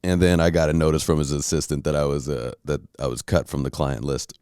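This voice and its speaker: A man's voice: very deep voice, flat delivery, a little fast, darkish tone, clear, resonant tone, no room sound, clean studio sound. A man hosting a podcast, telling a heated story in a blunt, profane casual rant. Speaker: podcast host.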